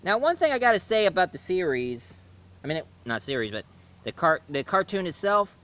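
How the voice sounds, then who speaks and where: A man giving a casual video review, talking haltingly with frequent restarts and self-corrections. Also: sits high, big pitch swings, fairly bright tone.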